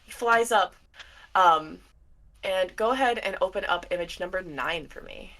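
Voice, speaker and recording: A woman's voice: lowish voice, normal speed, fairly bright tone. A woman narrating a tabletop role-playing game as game master, laughing often and breaking into character voices.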